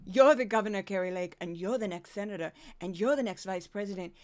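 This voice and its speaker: A woman's voice: mid-range voice, fast talker, dry recording, pitched below the performer's own voice, natural voice. A woman voicing a self-obsessed, grandiose female politician as a comic impression, with a self-important manner. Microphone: close podcast mic with a sound wall.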